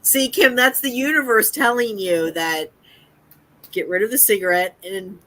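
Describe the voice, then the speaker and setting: A woman's voice: medium pitch, normal speed, sharp tone, poor audio. A woman co-hosting a casual live chat, teasing and joking with her friend. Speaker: co-host. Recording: faint background noise.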